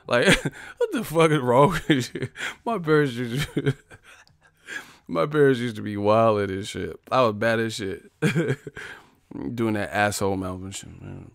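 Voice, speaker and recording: A man's voice: mid-range voice, animated, takes it slowly, vocal fry, no room sound, studio quality. A man hosting a casual boxing live stream, laughing and swearing as he mocks his chat. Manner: laughing, profane, mocking banter.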